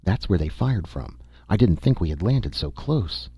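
A man voicing a composed, wry woman explorer in a storybook reading, with a husky voice and a calm, measured manner. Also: deep voice, no echo, studio quality, full character voice.

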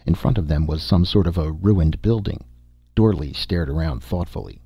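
A man narrating an audiobook in a steady, even reading with a husky voice. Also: low-pitched, normal speed, no room sound.

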